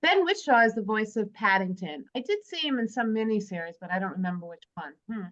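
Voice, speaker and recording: A woman's voice: mid-range voice, expressive, fast talker, fairly bright tone. A woman hosting a casual movie club chat, reading from her notes and joking with friends. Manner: chatty, jokey, reads from prepared notes. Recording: dull lo-fi sound.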